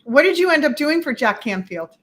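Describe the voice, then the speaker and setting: A woman's voice: sits high, very animated, fairly quick, fairly bright tone, slight background noise. A woman hosting a talk show, encouraging her co-host and prompting him to tell more. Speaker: podcast host. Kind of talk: casual interview chat.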